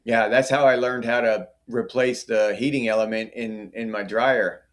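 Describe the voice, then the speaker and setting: A man's voice: medium pitch, steady tone, moderate pace. A middle-aged man hosting a casual livestream, chatting and answering viewer comments by name. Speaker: livestream host.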